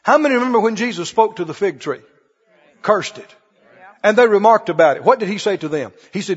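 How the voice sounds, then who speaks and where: A man's voice: high voice, lively intonation, fairly quick, breathy edge, long reverb tail, lo-fi sound. A man preaching a sermon, firing repeated questions at his congregation. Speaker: pastor.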